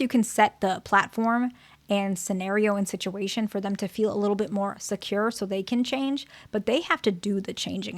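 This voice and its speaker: A woman therapist at a middle pitch talks through an educational explainer. She keeps it conversational and checks in often with the listener. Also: gravelly. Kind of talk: educational talk to camera.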